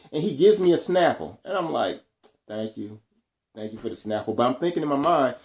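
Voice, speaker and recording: Animated man telling a work story. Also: on the high side, gravelly. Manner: animated, acts out quoted dialogue. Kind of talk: casual storytelling.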